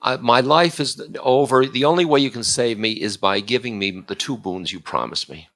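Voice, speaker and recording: A man's voice: mid-range voice, normal speed, a bit bright, close to an everyday voice. A man voicing a queen who pleads and then demands in a storytelling. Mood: pleading. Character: queen, a wife swayed into jealousy.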